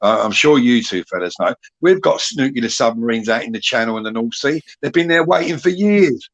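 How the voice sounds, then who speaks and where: A Cockney man co-hosting a casual football watch-along chat, talking quickly with slang and swearing. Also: medium pitch, lively intonation. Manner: rapid, chatty, peppered with slang and swearing. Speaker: watch-along show co-host. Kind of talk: casual banter. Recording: lo-fi dull audio.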